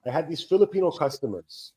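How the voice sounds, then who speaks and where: Speaking quickly in a fairly high, slightly rough voice, a man in his thirties tells rambling stories on a casual live co-stream he hosts. He acts out the people he quotes with animation, and the recording is rough.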